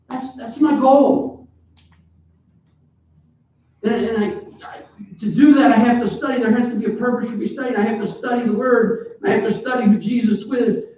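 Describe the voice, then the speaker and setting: A man in his forties preaches in an animated, joking way, breaking into sudden loud bursts. His voice sits very high. He sounds far from the mic, dull and thin, in a church hall with heavy echo. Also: slight background noise. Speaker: pastor. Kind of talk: sermon. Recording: echoey, distant, dull church PA recording.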